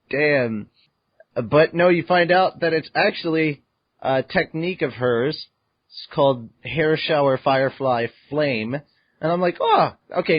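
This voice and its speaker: An animated man hosting a fan podcast recaps a manga chapter at a middle pitch. He acts out his own reactions and swears freely. The sound is dry and a little dull, like a lo-fi home recording. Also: no echo. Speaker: podcast host. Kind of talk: casual manga recap chat.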